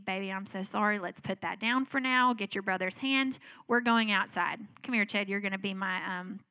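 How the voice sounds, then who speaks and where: A middle-aged woman, telling a lively family story in a sermon and acting out the voices. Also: medium pitch, clean tone, no room sound. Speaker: speaker at a church talk.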